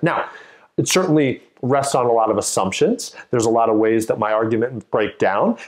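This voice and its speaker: A man's voice: medium pitch, darkish tone. A man teaching a test-prep lesson in a casual, conversational way, acting out short imagined exchanges as he explains. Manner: conversational, acts out quoted exchanges. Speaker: GMAT tutor.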